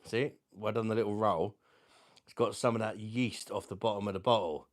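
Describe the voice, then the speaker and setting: Low-voiced man chatting on a livestream. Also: fairly even intonation, brisk. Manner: chatty, greets viewers by name, jokey. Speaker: beer reviewer and livestream host. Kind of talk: casual livestream chat.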